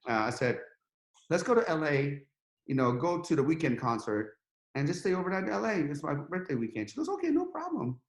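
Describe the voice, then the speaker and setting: A middle-aged man, a podcast guest, telling a story in a lively, casual way and acting out the quotes. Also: fairly high pitch, a little fast, reverberant. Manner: animated, acts out quotes in a rising voice.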